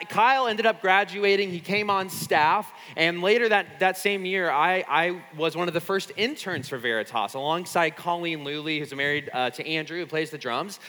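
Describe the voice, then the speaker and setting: Man in his thirties, pastor, storytelling sermon, higher voice, bright tone, hall reverb. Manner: chatty, self-deprecating storytelling with fillers. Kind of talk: casual sermon talk at a retreat.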